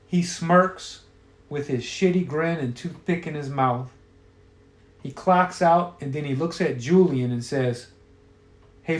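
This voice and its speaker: Profane man telling a story in an echoey room. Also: on the high side. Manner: profane and offhand. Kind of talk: crude casual storytelling.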